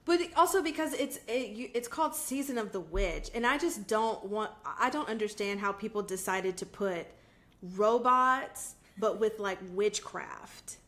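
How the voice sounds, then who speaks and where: Halting, agreeable woman co-host. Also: medium pitch, lively intonation, a bit bright. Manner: agreeable, halting, frequent restarts. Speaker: podcast co-host. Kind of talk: casual chat.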